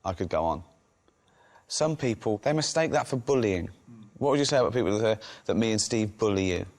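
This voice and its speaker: A man's voice: fairly low pitch, animated, a little fast, darkish tone. A man hosting a comedy chat, teasing and playful. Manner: teasing, playful, mocking voices. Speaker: comedy host. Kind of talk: casual chat.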